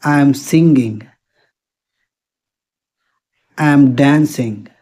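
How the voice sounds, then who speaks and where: Slow, measured vocabulary drill voice. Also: mid-range voice. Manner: slow, even, one short sentence at a time. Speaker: spoken English teacher.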